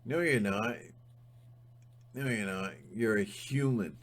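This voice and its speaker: Male channel host, fired-up ranting monologue, unhurried but intense. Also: lowish voice. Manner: emphatic, fired-up, sometimes shouting.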